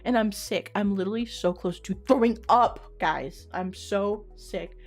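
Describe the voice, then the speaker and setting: A woman's voice: mid-range voice, a little slow, soft background music. A young woman streamer telling a story in casual chat, rambling with lots of "like" fillers and casual swearing. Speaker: VTuber streamer.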